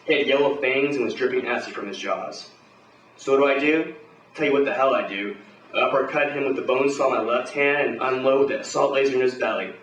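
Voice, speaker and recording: A man telling a first-person pulp action tale aloud in a gruff, swaggering, profane, hardboiled way. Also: mid-range voice, brisk, fairly bright tone, roomy sound, distant mic, a little hiss or hum, low-quality recording. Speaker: storyteller.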